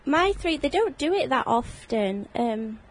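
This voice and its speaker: Shy, soft-spoken woman guest. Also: high-pitched, sing-song, a little slow, breathy edge. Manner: shy, brief answers. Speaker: guest, guinea pig owner. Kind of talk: casual radio chat. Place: radio studio.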